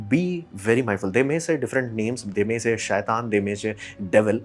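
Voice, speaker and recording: A man's voice: medium pitch, quick pace, faint music behind. A man hosting a podcast, talking casually and emphatically, with rhetorical questions and mock quotes. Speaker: podcast host. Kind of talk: casual solo commentary.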